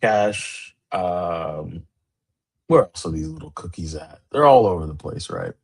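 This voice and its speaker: A man in his forties hosts a live podcast stream. His voice is husky and sits low. He talks in a loose, rambling way. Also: a little slow. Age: 40s. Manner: loose, rambling, animated greetings. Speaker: podcast host. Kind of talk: casual livestream chat.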